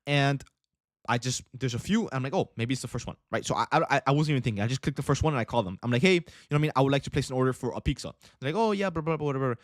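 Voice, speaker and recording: A man's voice: medium pitch, racing, no room sound, clean studio sound. A young man hosting a livestream, telling a rambling casual story and saying bro a lot. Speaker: livestream host, day trader.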